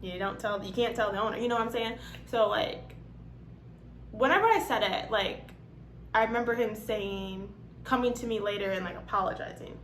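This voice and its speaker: A woman's voice: medium pitch, moderate pace. A young woman casually telling a personal story, acting out what others said in different voices and swearing freely. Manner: animated, acts out quotes in different voices, swears. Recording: echoey room, faint background hum.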